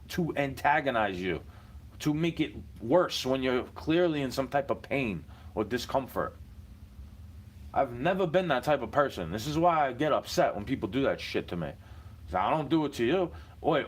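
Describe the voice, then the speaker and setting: A man's voice: mid-range voice, husky. Rambling profane man with street slang. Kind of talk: casual monologue.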